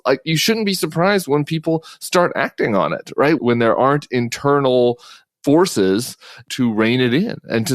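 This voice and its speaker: A man speaking as a podcast guest in political commentary chat, talking fast and emphatically, often restarting sentences. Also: medium pitch, no echo, clean studio sound.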